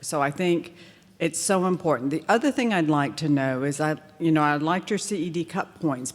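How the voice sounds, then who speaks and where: Woman, audience member at a conference; measured, pausing remarks, long hall echo. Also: sits low. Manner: appreciative, thoughtful, pausing. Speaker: conference attendee asking a question.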